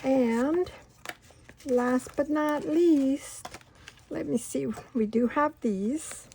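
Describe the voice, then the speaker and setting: A middle-aged woman hosting a crafting video, chatting unhurriedly and rambling through a story while she works, sometimes going soft and near-whispery. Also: high-pitched, very slow, slight background noise. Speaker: craft channel host. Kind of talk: casual crafting tutorial chat.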